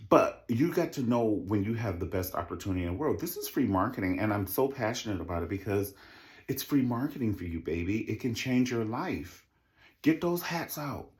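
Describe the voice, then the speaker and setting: A man giving a sassy, profane recap rant about a reality show, with a lively, animated delivery. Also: brisk. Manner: animated, sassy, swings into mocking high impressions. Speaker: reality TV commentator.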